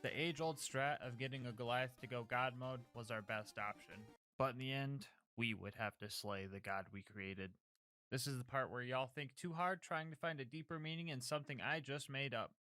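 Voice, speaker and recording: A man's voice: mid-range voice, moderate pace, pushed and bright. Man, gaming recap narration, upbeat, jokey, slangy, faint music underneath. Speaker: gaming YouTuber narrating a challenge run. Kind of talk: scripted gameplay recap narration.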